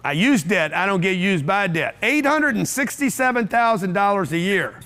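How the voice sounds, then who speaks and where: High-voiced brash man speaking to a crowd. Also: animated, normal speed, bright, forceful tone. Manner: brash, blunt and profane, with repeated rhetorical questions. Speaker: motivational speaker. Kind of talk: live seminar talk to an audience. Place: event room with a live audience.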